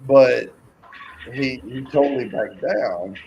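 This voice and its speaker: Guy telling stories slow, cussing, doing the voices, some background hum. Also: mid-range voice, darkish tone, dull audio. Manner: rambling, profane, acts out the voices in his stories. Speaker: co-host. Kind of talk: casual storytelling chat.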